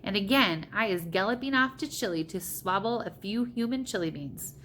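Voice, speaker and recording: Woman reading giant bully, roaring, slow, greedy, storybook, faint background hiss. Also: mid-range voice, expressive, pushed and bright. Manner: roaring and bellowing, slow and menacing. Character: huge brutish man-eating male giant, greedy and bullying.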